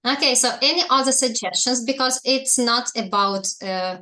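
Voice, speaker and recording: A woman's voice: a little high, moderate pace, sharp tone. Woman teaching English on a video call. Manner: explaining patiently, asking students questions. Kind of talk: online language lesson.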